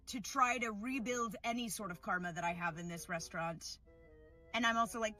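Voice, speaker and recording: A woman's voice: mid-range voice, expressive, a little fast, sharp tone, faint music behind. A young woman telling a funny story about herself in a dramatic, self-mocking way. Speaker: storyteller in a played clip. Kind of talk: comedic storytelling.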